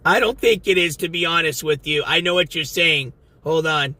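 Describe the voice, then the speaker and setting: A man's voice: fairly high pitch, moderate pace, few pauses, sharp tone, no room sound. A man live-streaming from inside a car, chatting casually with viewers, swearing often and rambling. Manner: profane, rambling, talks to his chat. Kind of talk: casual live-stream chat while driving.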